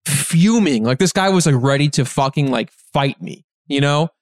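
A man's voice: a little high, normal speed, dry recording, studio quality. A man telling a long, rambling anecdote as a podcast guest, full of fillers and restarts. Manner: rambling, filler-heavy, animated retelling. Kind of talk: casual storytelling.

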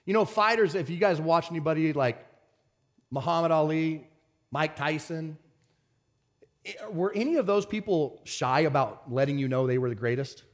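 Middle-aged male pastor, passionate sermon delivery, slightly high voice, veers from loud to hushed. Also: moderate pace. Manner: swings from shouted excitement to quiet earnest talk.

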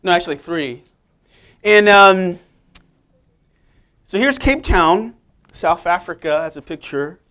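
A man preaching a lively, joking sermon straight to the congregation. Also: high voice, takes it slowly, pauses often, clear, resonant tone. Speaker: guest preacher. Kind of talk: sermon with humor.

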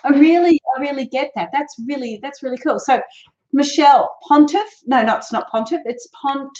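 A woman's voice: high-pitched, quick pace, a little mellow. Chatty woman podcast host, lo-fi. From Australia. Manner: chatty, repeats and restarts words. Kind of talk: casual interview chat. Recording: dull lo-fi sound.

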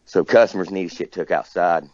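A man's voice: low-pitched, fairly quick, darkish tone, no echo, lo-fi sound. A man from near Nashville, casually telling a rambling story as a guest, cussing and laughing often. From Tennessee, near Nashville.

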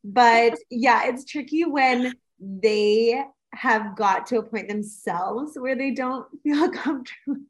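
A pregnant woman co-hosting a casual parenting chat, chatty and quick to laugh. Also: on the high side. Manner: chatty, laughs often, adds disclaimers.

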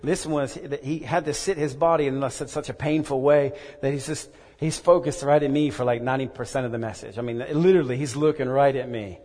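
A man's voice: medium pitch, fairly even intonation, darkish tone. Earnest man preaching in a hall. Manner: halting, repeats words, earnest. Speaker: pastor. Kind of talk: sermon with personal story. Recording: echoey hall reverb.

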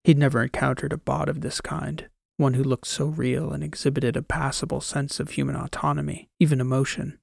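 A man narrating a science fiction audiobook in a steady, plain storytelling manner. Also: a little high, fairly quick, gravelly, few pauses, no echo, studio quality. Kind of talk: scripted narration.

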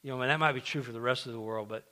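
A man's voice: mid-range voice, racing, pushed and bright. A man preaching a sermon as pastor, emphatic, repeating key phrases and restarting often. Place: church sanctuary.

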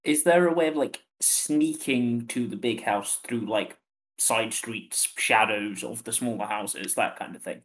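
A woman playing a tabletop game in a calm, matter-of-fact way. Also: rumbling low, unhurried. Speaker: player. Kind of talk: casual tabletop play.

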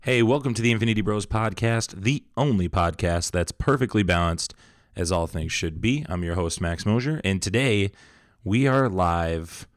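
A man's voice: sits low, normal speed, no room sound, studio quality. A man hosting a casual pop culture podcast, talking in an upbeat, chatty, welcoming way. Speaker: podcast host. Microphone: studio microphone.

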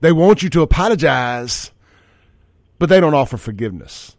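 A man's voice: fairly high pitch, expressive, moderate pace, a loud crowd. A man hosting a political talk radio show, blunt, fired-up and folksy.

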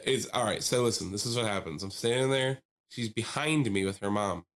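Fairly low-pitched and brisk, this podcast co-host narrates a long story in a lively way. Laughter comes often, and he voices the people in it himself.

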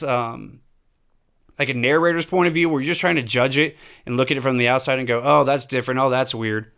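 A man's voice: sits high, a bit bright, clear, resonant tone. Emphatic man ranting. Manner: emphatic, profane, rhetorical questions. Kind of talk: opinionated monologue.

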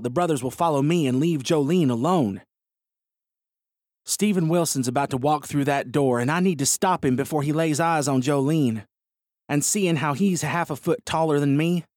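A man narrating a first-person western story in a steady, expressive reading voice. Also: a little high, no room sound, clean studio sound.

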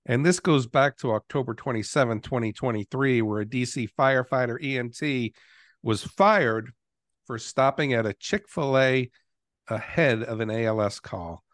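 A man hosts a podcast in an easygoing, conversational manner. His voice sits at an average pitch and sounds dry and close, with no room around it. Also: moderate pace, no room sound. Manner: energetic intro then relaxed conversational. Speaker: podcast host. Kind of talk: casual chat.

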